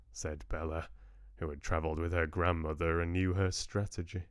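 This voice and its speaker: A man reading a novel aloud to his livestream book club in a measured, expressive way. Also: low-pitched, clear, resonant tone, no echo, studio quality.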